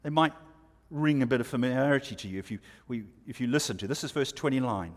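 A man preaching a sermon, explaining scripture verse by verse and asking the listeners rhetorical questions. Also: medium pitch. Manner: expository, rhetorical questions, pauses. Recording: long reverb of a hall.

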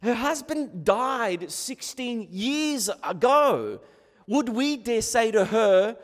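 An Australian man preaches with earnest emphasis, his voice sitting high for a man. He repeats words and restarts phrases as he presses his points. The sound carries a long reverb, as if he speaks in a large hall. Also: sing-song, slow pace. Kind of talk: sermon.

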